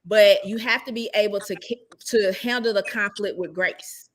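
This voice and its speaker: Bright-voiced woman giving emphatic advice. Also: medium pitch, moderate pace, a little hiss or hum. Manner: emphatic, animated, asks rhetorical questions. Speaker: real estate investor sharing experience. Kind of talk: casual conversational advice.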